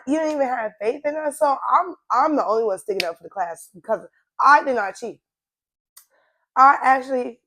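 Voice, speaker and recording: A young woman with a hoarse, worn-out voice tells a casual storytime straight to her viewers, in an animated, slangy way. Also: on the high side. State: hoarse, voice nearly gone. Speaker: storytime vlogger.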